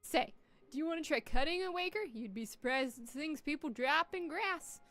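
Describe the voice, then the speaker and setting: A woman's voice: sits high, expressive, moderate pace, fairly bright tone, soft background music, voice pushed up. A woman voicing a cheeky young male villager who gives breezy, teasing advice.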